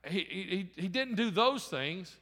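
A high-pitched male pastor delivers a sermon in a church sanctuary, retelling a story casually and stumbling over repeated words. His voice is bright and forceful, and a long reverb trails behind it. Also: expressive, unhurried. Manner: conversational storytelling with frequent restarts.

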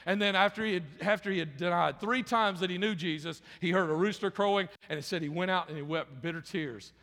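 A male pastor delivering an impassioned sermon in a high, bright, forceful voice. He stumbles over and repeats words as he drives each point home. A long reverb trails his voice around a large room. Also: brisk.

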